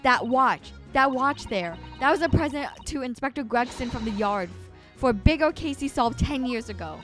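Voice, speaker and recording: A woman voicing a cheeky young female street pickpocket, speaking brash and slangy in a voice lower than her own. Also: expressive, moderate pace, a bit bright, faint music behind.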